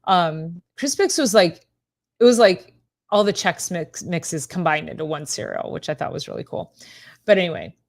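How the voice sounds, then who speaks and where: Chatty woman host, slightly low voice. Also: animated, normal speed. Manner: chatty and rambling, laughs often, talks straight to viewers by name. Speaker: host, chiropractor. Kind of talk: casual live-stream chat with viewers.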